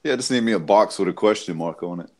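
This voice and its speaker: A man's voice: on the low side, quick pace. A man hosting a casual live-stream chat, joking crudely, swearing and laughing often. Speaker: host.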